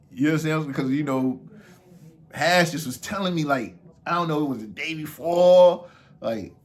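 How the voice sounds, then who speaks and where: Brief: husky male storyteller, lively up-and-down delivery, casual street talk. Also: on the high side. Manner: animated, acts out quotes in raised voices.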